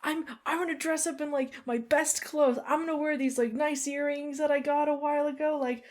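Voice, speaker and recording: A woman voicing a giddy, party-loving young friend in a tabletop game, gushing and squealing with excitement. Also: sits high, a little fast, voice pushed up, lightly acted.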